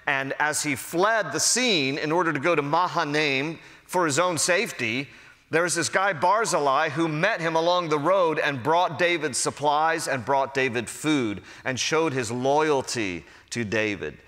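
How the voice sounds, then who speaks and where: A man, a pastor, giving a verse-by-verse Bible teaching in a conversational, animated storytelling manner. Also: a little high, a little slow. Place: church sanctuary. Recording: long hall reverb.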